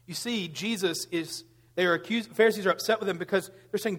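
A man's voice: fairly high pitch, quick pace, fairly bright tone, long reverb tail. A man preaching a sermon, building to emphatic rhetorical questions. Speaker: pastor.

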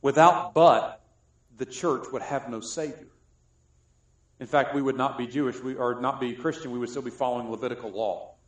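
Animated preacher in an echoey room. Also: male voice, mid-range voice, normal speed. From South Carolina, US. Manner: animated, jokey preaching with sudden loud and soft swings. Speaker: pastor. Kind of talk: sermon.

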